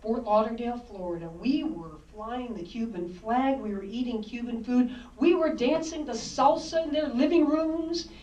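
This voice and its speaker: Older woman author, wry storyteller, high voice, echoey hall from far back, kinda muffled. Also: moderate pace, hardly any pauses. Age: 60s. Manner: lively, wry, dramatic. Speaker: author and speaker. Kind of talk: storytelling talk. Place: library hall, indoors. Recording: roomy hall, distant dull mic.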